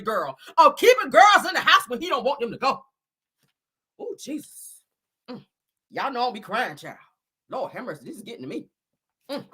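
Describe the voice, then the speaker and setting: A woman's voice: high-pitched, husky. A woman in her forties hosting a casual celebrity gossip vlog, talking to viewers with profanity and frequent laughter. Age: 40s. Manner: animated, profane, laughs often, addresses viewers as girl and child. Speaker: host.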